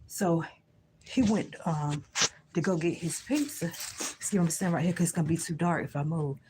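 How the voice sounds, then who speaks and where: A woman telling a heated personal story to her viewers, profane and animated, speaking straight to the audience. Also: on the low side, moderate pace, background noise. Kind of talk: casual storytelling rant.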